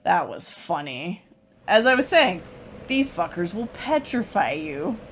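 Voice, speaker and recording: A woman's voice: fairly low pitch, sing-song, a little slow, slight background noise. A woman streaming a video game, giving chatty, emotional, joking commentary. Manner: chatty, emotional, jokey reactions. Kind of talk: casual gameplay commentary.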